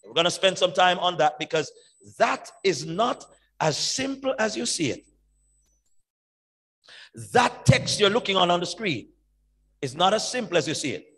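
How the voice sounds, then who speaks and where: Male pastor, high-pitched, emphatic revival preaching, loud peaks and quiet asides, church reverb. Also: big pitch swings, moderate pace, pauses often, breathy edge. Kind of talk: evangelistic sermon. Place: large church sanctuary. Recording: long church hall reverb.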